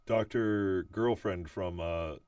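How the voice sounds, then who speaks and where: A man's voice: deep voice, slow, darkish tone, clean tone, no room sound, studio quality, recorded from a distance. A man hosting a casual podcast interview, speaking hesitantly with many fillers. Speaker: podcast host.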